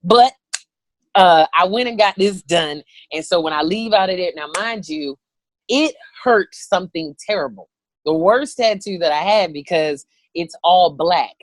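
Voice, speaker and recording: A woman in her thirties, a comedian telling a story, animated and profane, acting out the voices of people in it. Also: fairly low pitch, a little slow, no room sound. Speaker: comedian guest. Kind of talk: comic storytelling.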